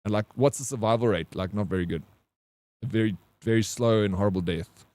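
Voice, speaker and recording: A man streaming and telling a personal story in casual chat, animated and full of swearing and "bro". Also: fairly low pitch, fairly quick, no room sound. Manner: animated, swears a lot, says "bro" constantly. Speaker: live streamer.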